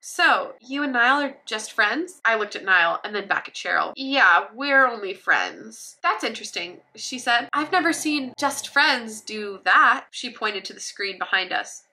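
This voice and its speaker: Bright-voiced woman reading aloud sarcastically. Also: a little high, very animated, unhurried, few pauses. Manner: sarcastic running commentary, laughing at her own writing. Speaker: YouTuber reading her old fanfiction aloud. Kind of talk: comedic reading with asides.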